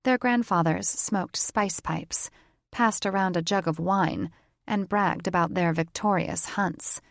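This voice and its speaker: A woman narrating a fantasy audiobook in a measured, even reading. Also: fairly low pitch, vocal fry, no room sound, studio quality. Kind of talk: scripted narration.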